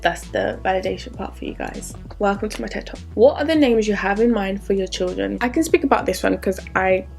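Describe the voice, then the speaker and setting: A woman's voice: medium pitch, fairly quick, gravelly, hardly any pauses, a little mellow, soft background music. A woman in her twenties chatting candidly through a Q&A vlog, drifting into asides as she talks. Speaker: vlogger. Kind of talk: casual Q&A vlog.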